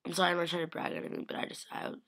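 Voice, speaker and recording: Young woman, lowish gravelly voice, casual excited recap packed with "like", slips into quoted voices. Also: rapid-fire. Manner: gushing, rambling with constant "like"; acts out quotes in shifting voices. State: slightly sick. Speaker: vlogger. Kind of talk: casual recap of a fan convention.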